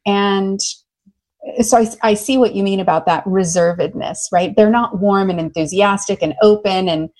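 Expressive American woman, love coach. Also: medium pitch, moderate pace, poor audio. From United States. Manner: enthusiastic, expressive storyteller. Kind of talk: conversational interview.

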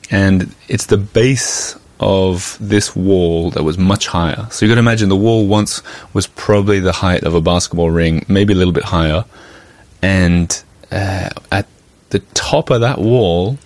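A man's voice: deep voice, darkish tone, no echo. A man hosting a podcast, telling a story in a casual, chatty way with asides and fillers. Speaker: podcast host and journalist.

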